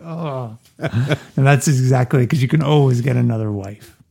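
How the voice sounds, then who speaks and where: Gravelly mellow-voiced man chatting on a podcast. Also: medium pitch, moderate pace. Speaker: podcast co-host. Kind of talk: casual chat.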